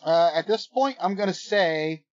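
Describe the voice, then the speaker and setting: A man's voice: high voice, expressive, measured pace, no room sound. A man with a slightly raised voice banters wryly as co-host of a casual podcast. The sound is dry and a bit dull. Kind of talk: casual wrestling podcast chat.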